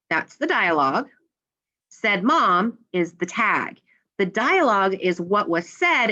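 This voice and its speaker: Woman teacher, patient, step-by-step explainer. Mid pitch. Slightly dull recording. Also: pushed and bright. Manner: patient, explains step by step, acts out example lines. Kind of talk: classroom grammar lesson.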